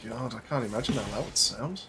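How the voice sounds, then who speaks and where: Young guy laughing a lot, casual gaming chat, mid pitch. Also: expressive, fast, pushed and bright, a little hiss or hum. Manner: giggly, joking, laughs often. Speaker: game streamer and co-host.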